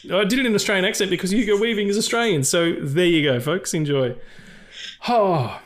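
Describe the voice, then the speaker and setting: A man hosting a podcast, talking casually about films in an animated, rambling and profane way. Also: high voice, a little fast. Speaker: podcast host. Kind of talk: casual film-discussion chat.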